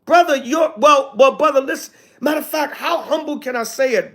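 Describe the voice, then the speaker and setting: This man has a very high, creaky voice and talks at a normal speed. Playing an elder, he teaches casually on a livestream, reading chat comments aloud and answering them with slangy, sarcastic asides.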